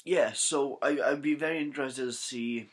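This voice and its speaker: A young Welsh man, a fan vlogger, chats casually to camera about theories in a medium-pitched, breathy voice with fairly even intonation and normal speed. He rambles, corrects himself, uses slang, and struggles with his th sounds.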